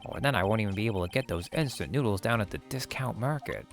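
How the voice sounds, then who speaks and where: A man reading game dialogue aloud, voicing a bumbling, good-natured male police detective in a gruff, blustery way. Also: fairly low pitch, animated, fast, soft background music. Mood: sheepish.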